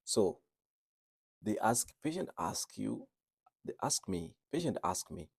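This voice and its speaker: A man's voice: lowish voice, sing-song, a little slow, vocal fry, darkish tone, breathy edge, no echo. A man working as a registered nurse, English not his first language, talking earnestly and repeating phrases for emphasis. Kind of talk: reflective talk on speaking with an accent.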